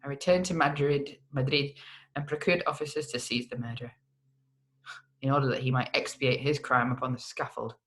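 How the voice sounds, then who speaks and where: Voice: medium pitch, fairly even intonation, brisk, fairly bright tone, natural voice. A reader putting on a stern accented nobleman. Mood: grave. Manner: put-on foreign accent that keeps slipping. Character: stern nobleman, a man back from prison. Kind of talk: audiobook character voice.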